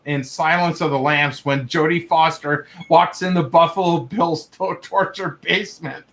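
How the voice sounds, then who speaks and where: Young male streamer, high voice, casual read-aloud, laughs and swears as he reacts. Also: moderate pace, few pauses, a bit bright. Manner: laughs through the reading, breaks off to react with swearing. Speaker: livestream host reading viewer stories. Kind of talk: casual livestream reading.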